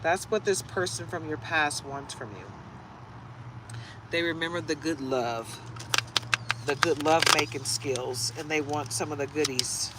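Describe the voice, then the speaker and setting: A woman's voice: deep voice, unhurried, very noisy. A woman giving a casual, chatty tarot reading, full of rambling asides and laughter. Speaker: tarot reader. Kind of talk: casual live reading chat.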